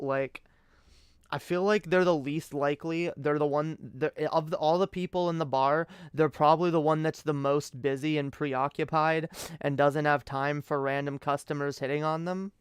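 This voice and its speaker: A young man with a somewhat high, smooth voice rambles through a late-night stream story. He swears freely and keeps tripping into restarts, and the sound is dry and close. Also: no room sound. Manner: rambling, profane, many restarts.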